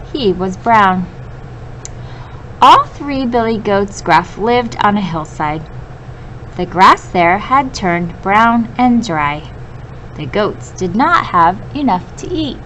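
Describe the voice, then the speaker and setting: A woman teacher reading a story aloud to children and pausing to explain vocabulary, patient and clear. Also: mid-range voice, a little hiss or hum, rough recording.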